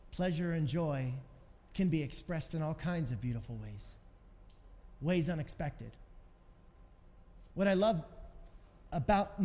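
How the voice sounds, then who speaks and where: Brief: high-voiced male pastor, earnest sermon, long church reverb. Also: a little mellow. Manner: earnest, conversational, with restarts. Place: church hall.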